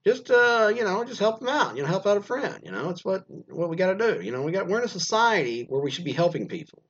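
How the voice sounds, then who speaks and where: A man putting on a high coaxing woman. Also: big pitch swings, quick pace, fairly bright tone, husky, muffled recording, exaggerated voice. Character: pushy woman asking a stranger for sperm.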